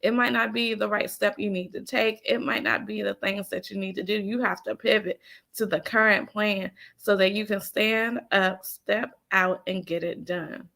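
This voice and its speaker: A woman with a gravelly edge to her voice delivers a faith-based motivational talk as a business coach. She preaches emphatically, repeats her key lines, and speaks to listeners in a folksy way. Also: medium pitch, steady tone, normal speed, bright, forceful tone. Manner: folksy, addresses listeners as y'all and honey.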